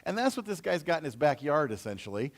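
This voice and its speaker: A man's voice: a little high, big pitch swings, quick pace. A male pastor teaching through a Bible passage in a conversational way, retelling it in casual everyday slang.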